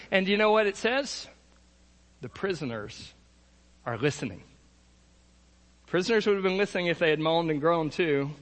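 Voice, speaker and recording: A male pastor preaches in a relaxed, conversational storytelling style, acting out the people he quotes. His voice sits high for a man. The sound carries the long reverb of a large hall. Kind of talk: sermon, retelling Bible stories.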